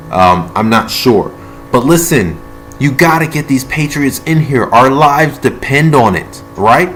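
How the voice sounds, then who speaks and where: A man's voice: medium pitch, fairly bright tone. A man from the United States delivering a heated, rambling political monologue. He repeats himself, restarts sentences, swears now and then, and speaks from among his tools. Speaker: political video blogger.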